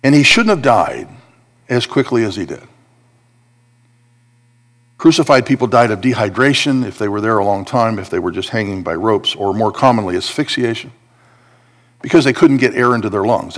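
A man preaching a sermon, building intensity with repeated emphatic phrases. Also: fairly low pitch. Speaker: pastor.

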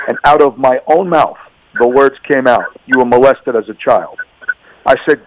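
A man's voice: medium pitch, a little fast, poor audio. A man giving an earnest, emphatic faith testimony as a radio guest, repeating himself and stammering through restarts.

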